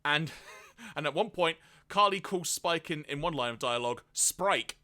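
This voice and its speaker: A man co-hosts a casual podcast and reads his notes in a lively voice that climbs and falls a lot. His tone is bright and a little raised. He often breaks off to laugh. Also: on the high side, normal speed. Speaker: podcast co-host.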